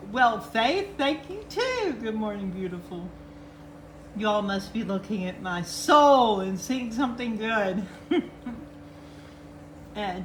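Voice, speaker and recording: A woman livestream host with a fairly high, fairly bright voice runs a casual live chat, greeting viewers by name and laughing often. The room is echoey, with faint background noise.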